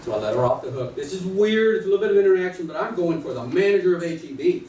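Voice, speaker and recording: A man teaches a live class in a slightly raised voice, acting out scenes and quizzing the room. The recording is roomy and distant, with a noisy background. His talk is playful and energetic. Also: high-pitched, very fast. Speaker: real estate trainer. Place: training room with an audience.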